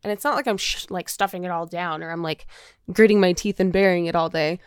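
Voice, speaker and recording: A woman's voice: fairly low pitch, fairly even intonation, fairly quick, clear, resonant tone, no echo, studio quality. A woman co-hosting a podcast, chatting candidly and often laughing. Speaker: podcast co-host. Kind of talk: casual chat.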